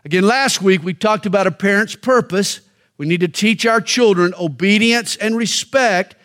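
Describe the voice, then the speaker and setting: A middle-aged male pastor preaching a sermon, emphatic and alliterative, with pointed pauses between phrases. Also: high voice, fairly bright tone.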